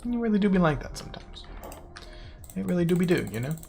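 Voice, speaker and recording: A man's voice: high voice, very animated, quick pace, gravelly, warm tone. A young man streaming a game, chatting casually and rambling playfully with meme phrases while he plays. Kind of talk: casual gaming stream chat. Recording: faint music behind.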